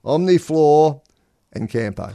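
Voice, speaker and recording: An Australian man with a slightly higher voice keeps a radio segment moving. He is brisk and dry, nudging the others on. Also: expressive, warm tone, dry recording. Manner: brisk, moves the segment along. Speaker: radio co-host. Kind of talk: live radio banter.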